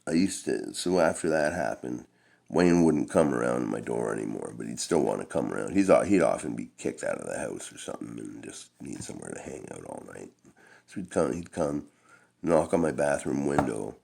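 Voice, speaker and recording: A man's voice: a bass voice, very animated, normal speed, gravelly, a little mellow. A middle-aged man telling a long-winded, profane personal story in a laid-back, rambling way. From Canada.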